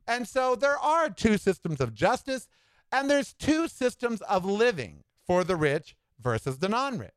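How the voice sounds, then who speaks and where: A man's voice: very animated, unhurried, clean tone, no room sound. A man hosting his own podcast, giving a sassy, opinionated monologue with campy asides and dramatic swings in delivery. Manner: dramatic swings in pitch and tempo. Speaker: podcast host.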